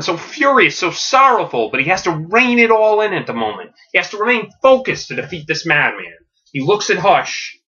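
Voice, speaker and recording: A man narrating a story pitch in an animated, casual, slangy way. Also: lo-fi sound.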